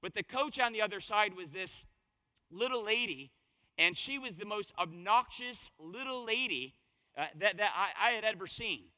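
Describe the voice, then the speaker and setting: A man preaching a conversational sermon as pastor, his voice a little hoarse, telling stories and asking the congregation questions. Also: high-pitched, lively intonation, normal speed, sharp tone, big-room sound. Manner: conversational, storytelling with rhetorical questions. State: slightly hoarse voice.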